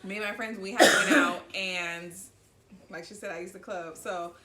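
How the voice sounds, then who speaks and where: A woman from Southern California telling a story in a casual chat, animated and profane, acting out what people said. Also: medium pitch, normal speed, roomy sound, heavy background noise. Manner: animated, profane, acts out quoted lines.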